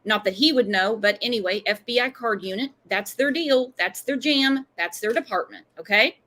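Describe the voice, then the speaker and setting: A woman's voice: a little high, normal speed, fairly bright tone. A woman hosting a true-crime livestream, talking in an emphatic, pointed way. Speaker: host.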